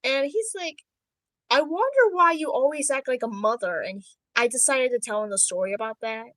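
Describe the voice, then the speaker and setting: A woman's voice: high voice, expressive, a little fast, a bit bright, no echo, poor audio. A woman voicing a doting male animatronic rabbit father in a livestream role-play chat. She speaks in a chatty, giggly way, with flustered outbursts.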